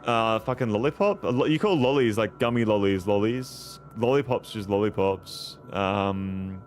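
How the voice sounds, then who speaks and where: A man's voice: lowish voice, normal speed. A young Australian man streaming a game, chatting casually with viewers and reading their messages aloud in a loose, rambling way full of swearing. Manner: relaxed, rambling, swears a lot, reads chat aloud. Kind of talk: casual live-stream chat. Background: game music.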